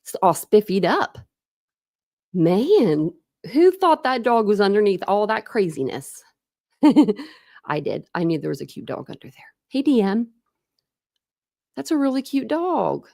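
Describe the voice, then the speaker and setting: A woman's voice: mid-range voice, sing-song, unhurried, a little mellow, no echo, clean studio sound. A woman in her thirties hosting a casual true crime livestream, chatting and greeting viewers by name.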